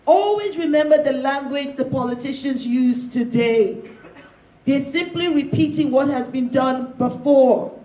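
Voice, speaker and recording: Loud, high-voiced woman debating. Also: a little slow. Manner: loud, emphatic, laughs often. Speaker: panel discussion guest. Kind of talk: opinionated panel discussion. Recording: roomy, echoey sound.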